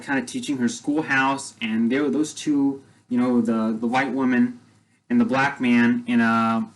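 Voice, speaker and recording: A man's voice: mid-range voice, poor audio. A man casually retelling a story, rambling, with lots of fillers and repeated phrases.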